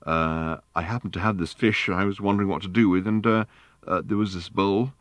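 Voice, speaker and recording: A bewildered young man, awkward and stammering, with a deep low voice, as a narrator reads him in a storybook recording. The sound is close and dry. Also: steady tone, a little fast, a bit bright, no room sound. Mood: embarrassed. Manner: hesitant, stammering, embarrassed.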